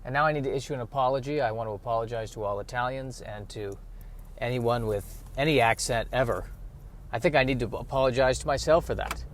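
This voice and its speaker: A man's voice: medium pitch, a little fast. A man rambling to the camera from a car in traffic, sarcastic and self-mocking, with bursts of mock outrage. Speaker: vlogger. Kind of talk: rambling solo monologue.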